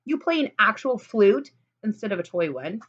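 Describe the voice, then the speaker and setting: A woman voicing a bossy, furious little girl who yells her demands. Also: mid-range voice, big pitch swings, normal speed, slightly rough, lo-fi sound. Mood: complaining. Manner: demanding, yelling.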